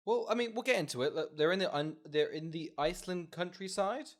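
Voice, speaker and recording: A man's voice: high voice, a little fast. A young man co-hosting a casual film-review podcast, recapping the plot with dry, sarcastic commentary. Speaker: podcast co-host.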